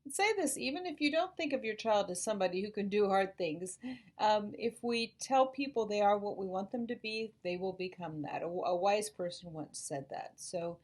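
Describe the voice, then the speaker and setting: Calm woman school psychologist explaining. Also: mid-range voice. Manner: calm, explanatory, models gentle phrases to say to children. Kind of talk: informational talk to parents.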